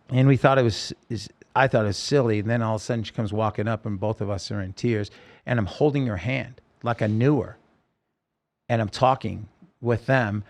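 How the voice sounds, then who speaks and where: A man telling his own story in a podcast interview, earnest and halting, with many restarts. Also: mid-range voice, a little mellow.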